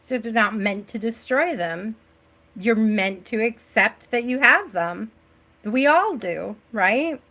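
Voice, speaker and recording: A woman's voice: a little high, expressive, slow pace, pushed and bright. A middle-aged woman hosting a live tarot stream from home, chatting casually and reassuringly and often checking in with "right?".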